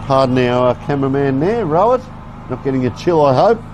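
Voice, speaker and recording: A man's voice: medium pitch, lively intonation, a little fast, background noise. A man giving folksy, chatty live play-by-play commentary on a local football game. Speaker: sports commentator. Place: outdoor football ground.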